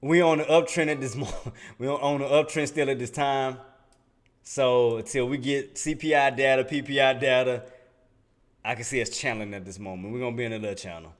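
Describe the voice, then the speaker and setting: A man's voice: mid-range voice, fairly even intonation, a little fast. A man hosting a live day-trading stream, talking casually to his chat in slang and laughing often.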